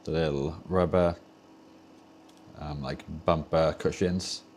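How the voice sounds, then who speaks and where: The voice is very deep, steady and a little mellow, moving at a slow pace, from a young Welsh man with a Welsh accent; there's slight background noise. He rambles in casual livestream chat while tinkering with game controllers at his home workshop's soldering bench.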